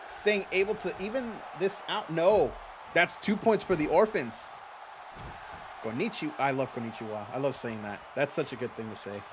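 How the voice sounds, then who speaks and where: A man's voice: mid-range voice, noisy background. A man hosting a livestream, chatting playfully with his viewers while commentating a wrestling game. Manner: chatty and playful, talks straight to chat viewers. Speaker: streamer hosting a fantasy wrestling league.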